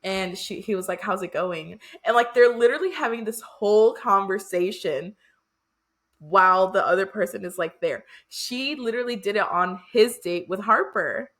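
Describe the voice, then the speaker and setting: A woman co-hosts a casual book podcast. She retells the plot in an animated way, acting out the characters' lines and laughing along. Her voice sits at an ordinary middle pitch. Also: moderate pace. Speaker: podcast co-host.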